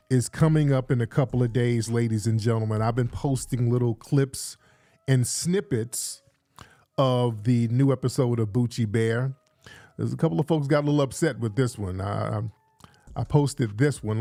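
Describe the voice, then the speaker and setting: A man hosts a casual livestream indoors in Los Angeles, chatty and hyping, often repeating his phrases. His mid-range voice is mellow, captured on a studio mic with no room sound.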